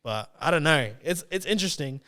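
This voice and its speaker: A man's voice: fairly high pitch, lively intonation, a little fast, bright, forceful tone. A man hosting a podcast in casual chat, rambling with many fillers and restarted sentences. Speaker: podcast host.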